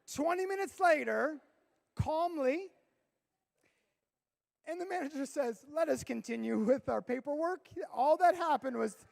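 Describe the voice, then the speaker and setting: A man preaching to teenagers as a youth pastor, telling a long comic story and bursting into shouts for effect. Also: very high-pitched, vocal fry.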